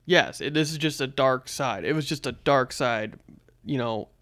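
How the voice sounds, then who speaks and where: A young man talks casually as a podcast co-host, sitting at a middle pitch. He rambles, doubling back and filling gaps with ums and likes. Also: moderate pace, a bit bright. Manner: rambling, many fillers and restarts. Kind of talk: casual chat.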